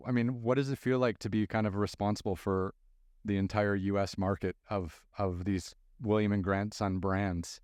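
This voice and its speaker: A man's voice: lowish voice, moderate pace, no room sound, clean studio sound. A man from Canada in his thirties hosting a podcast, telling stories casually and using "like" a lot. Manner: storytelling, relaxed, says "like" often. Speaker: podcast host.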